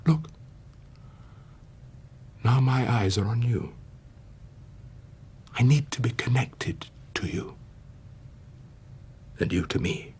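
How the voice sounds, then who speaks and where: An actor playing a commanding Victorian novelist, talking in a hushed, insistent, theatrical way. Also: male voice, medium pitch, takes it slowly, pauses often, breathy edge, voice pushed down, full character voice. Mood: hushed intense.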